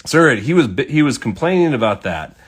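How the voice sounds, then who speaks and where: A man's voice: medium pitch, big pitch swings, fairly quick, slightly rough. A man telling a rambling, casual story while painting, swearing freely and using lots of fillers.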